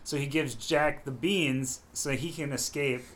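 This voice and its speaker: A man's voice: mid-range voice, measured pace, fairly bright tone. A man co-hosting a casual movie podcast, chatty and finishing his partner's sentences. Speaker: podcast co-host. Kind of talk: casual chat.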